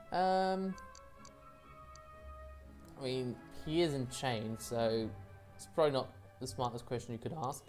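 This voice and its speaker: A woman's voice: extremely low pitch, a little slow, pauses often, darkish tone, soft background music. A woman hosting a video game playthrough, chatting and reading the game's texts aloud in a self-deprecating way. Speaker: gaming channel host. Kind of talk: let's play commentary and reading aloud.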